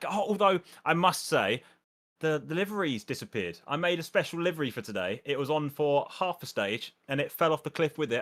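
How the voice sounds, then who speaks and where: A man's voice: mid-range voice, bright, forceful tone. A man joining a racing stream by voice chat as a guest driver, chatting casually and mocking his own mistakes with laughs. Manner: laughing, self-mocking, upbeat. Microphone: voice chat mic.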